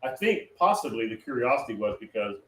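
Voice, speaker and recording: Very animated and a little fast, a guest with a mid-range, slightly bright voice recounts a prophetic dream in casual storytelling, wandering with fillers and frequent restarts. The distant mic gives a roomy sound with faint noise.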